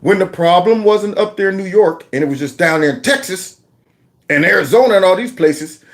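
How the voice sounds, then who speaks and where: A man hosting an opinionated commentary vlog, mocking and animated, laughing often as he reacts to clips. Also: high-pitched, a little fast. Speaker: political commentary host.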